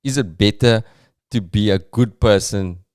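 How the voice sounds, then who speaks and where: Podcast host, South African man, reflective and halting, clear and lowish. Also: darkish tone. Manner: thoughtful, halting, uses fillers. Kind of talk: reflective comic podcast monologue.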